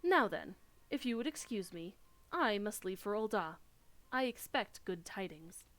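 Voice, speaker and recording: A woman reading the formal, measured lines of a dignified male commander from a game. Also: medium pitch, expressive, a bit bright, soft background music. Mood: earnest. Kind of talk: reading game dialogue aloud.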